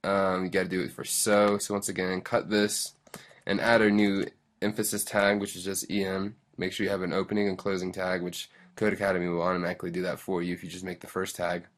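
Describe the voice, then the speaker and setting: A man's voice: low-pitched, little pitch movement, fairly quick, a bit bright. A young man casually talking through a coding tutorial, reading steps aloud and rambling into self-deprecating asides. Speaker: tutorial host.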